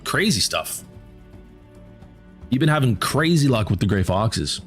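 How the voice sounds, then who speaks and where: A man streaming a game and chatting casually with viewers, rambling and repeating words as he thinks aloud, his voice going hoarse. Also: medium pitch, sing-song, unhurried, soft background music. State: losing his voice.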